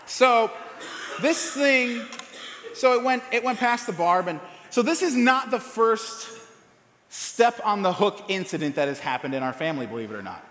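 A man's voice: high-pitched, very animated, moderate pace, a bit bright, slight background noise. A man preaching a sermon in a casual, rambling way, telling a personal story with many fillers and restarts. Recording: echoey hall with long reverb.

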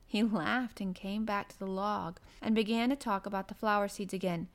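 A woman narrating a classic children's novel aloud in a gentle, even storybook manner. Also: medium pitch, normal speed.

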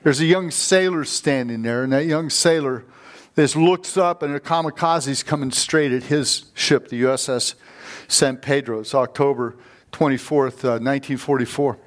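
A man's voice: medium pitch, moderate pace. Fired-up male preacher telling stories. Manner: fired-up, storytelling, calls for amens. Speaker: guest preacher. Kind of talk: sermon. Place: church sanctuary.

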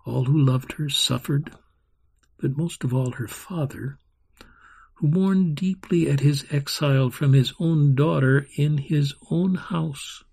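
A man reading a story aloud in a slow, rhythmic, expressive way, voicing sound effects himself. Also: on the high side, creaky, husky.

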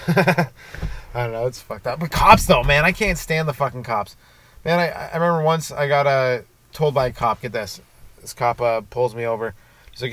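A man's voice: medium pitch, no echo. Brief: young male comic, rambling profane monologue, mid voice, dry close sound. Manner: profane, rambling, jumps into loud bursts. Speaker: stand-up comedian and podcast host.

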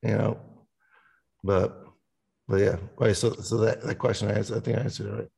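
A man's voice: lowish voice, level tone, brisk, gravelly, dark tone. A man, a musician guest on a casual podcast, rambling and swearing freely as he talks about songwriting. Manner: rambling, swears a lot, sings snippets.

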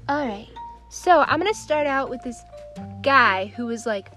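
Young woman, podcast host, profane comic rant, somewhat high voice, faint music behind. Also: a little slow. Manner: profane, exasperated, animated storytelling. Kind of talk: casual comedic rant.

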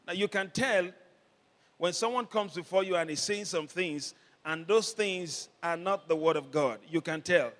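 A man preaching a sermon as pastor, leading the congregation in call-and-response and building up to shouts. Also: sits high, moderate pace. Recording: long hall reverb.

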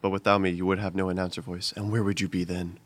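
A young man co-hosts a casual podcast and needles the others with smug, cheeky remarks. His voice is on the low side. The recording is dry and close. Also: level tone, quick pace, no room sound. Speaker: podcast co-host. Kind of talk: casual chat.

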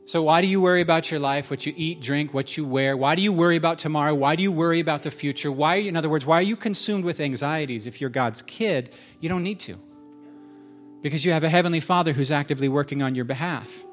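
A man delivers a sermon in a church hall, talking to the congregation like a friend and joking with them as he goes. His voice sits a bit high for a man. Soft instrumental music plays faintly underneath. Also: fast talker. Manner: conversational, animated, joking with the congregation. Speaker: pastor.

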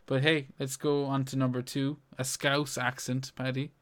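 A man's voice: medium pitch, level tone, normal speed, no room sound. A man hosting a casual podcast, teasing his guest and scoring his efforts like a quiz. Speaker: podcast host. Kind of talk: casual chat.

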